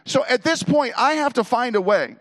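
A man's voice: extremely high pitch, normal speed. A middle-aged man telling a humorous personal story to an audience, acting out the voices and laughing as he goes. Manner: animated, acts out quoted voices, laughs between lines.

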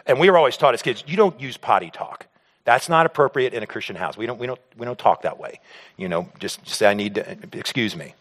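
A man telling a personal story to an audience on stage in an animated way, acting out scenes and often stammering and repeating words. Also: medium pitch, fairly quick. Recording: long hall reverb.

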